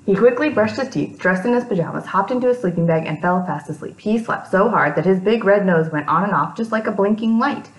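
A woman's voice: mid-range voice, animated, fairly quick, few pauses, reverberant, low-quality recording. A woman reading a picture book aloud to young children, breaking off for chatty asides to them.

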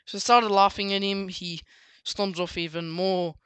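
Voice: mid-range voice, steady tone, moderate pace, a bit bright, clear, resonant tone, no room sound. A book reviewer casually recapping a story, rambling with many fillers and restarts.

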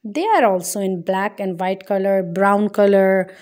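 A woman narrating a toddler puzzle video, talking in a slow, sing-song teacher voice. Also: medium pitch, fairly even intonation, a little mellow. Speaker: children's educational narrator.

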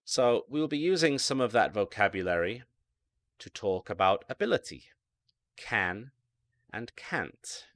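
A British man with a fairly low voice, teaching English online at a very slow, deliberate pace. His pitch rises and falls a great deal as he repeats each word for learners. The sound is close and dry, with no room around it. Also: lively intonation, fairly bright tone, no echo. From Britain. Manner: slow, carefully enunciated, repeats words for drilling. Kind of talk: online ESL lecture.

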